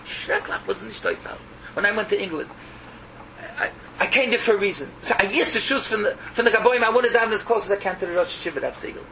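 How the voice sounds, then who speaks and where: A man's voice: high voice, lively intonation, fast, pushed and bright. A man preaching in English mixed with Yiddish and Hebrew terms, emotional and repetitive, swinging between cries and murmurs. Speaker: rabbi. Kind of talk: Yiddish-laced sermon. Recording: muffled lo-fi recording with background noise.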